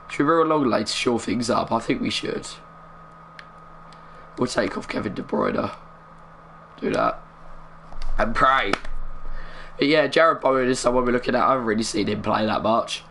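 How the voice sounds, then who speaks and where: Young guy streaming football game, talking quietly, mid pitch, faint hum behind. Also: vocal fry. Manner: chatty, muttering, bursts of excitement at big moments. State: keeping his voice down. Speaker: gaming streamer. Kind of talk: live gameplay commentary.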